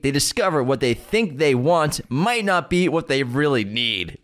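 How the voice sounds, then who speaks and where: A man's voice: fairly high pitch, unhurried, hardly any pauses. A man co-hosting a movie news show, reading out items and joking with his co-host. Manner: relaxed, joking, reads news items aloud. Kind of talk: casual chat.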